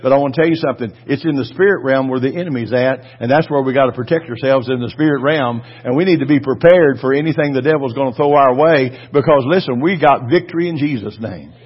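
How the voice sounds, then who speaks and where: A man preaching a fervent sermon, swinging between quiet asides and loud exhortation. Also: medium pitch, fast, hardly any pauses, breathy edge, lo-fi sound. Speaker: pastor.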